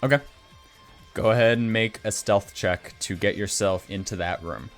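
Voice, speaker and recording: A man's voice: fairly low pitch, moderate pace, soft background music. A man narrating as game master, casual and a little hesitant. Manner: casual, hesitant, many fillers.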